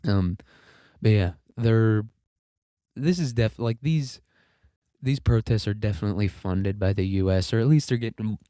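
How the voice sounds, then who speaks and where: A man's voice: fairly low pitch, moderate pace, long pauses, warm tone, no room sound, studio quality. A man hosting a casual political commentary monologue, sarcastic, profane and rambling, and a little congested with frequent coughing. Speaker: podcast host.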